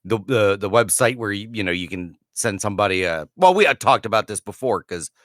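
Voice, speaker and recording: A man's voice: on the low side, lively intonation, brisk, a bit bright, no echo, studio quality. A man co-hosting a podcast, telling rambling stories in casual chat with restarts and laughs. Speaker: podcast co-host.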